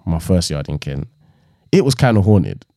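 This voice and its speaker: A man's voice: low-pitched, moderate pace, no room sound, clean studio sound. A young man, chatting casually as a podcast co-host and acting out quotes in his stories. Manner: animated storyteller, acts out quotes, laughs often. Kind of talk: casual chat.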